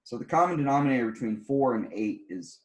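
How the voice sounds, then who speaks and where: A man's voice: medium pitch, expressive, fast, a little mellow. A tired man teaching a recorded algebra lesson, walking through problems step by step and stressing the rules plainly. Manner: plainspoken, repeats key rules with emphasis. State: tired, yawning. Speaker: math teacher. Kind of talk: recorded classroom math lesson.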